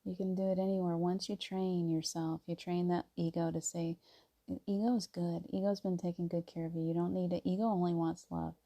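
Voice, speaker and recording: A woman giving a casual spiritual talk, laughing often and softening to near whispers as she acts out inner voices. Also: lowish voice, little pitch movement, normal speed, vocal fry. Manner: soft and gentle, drops to near whispers. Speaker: spiritual teacher.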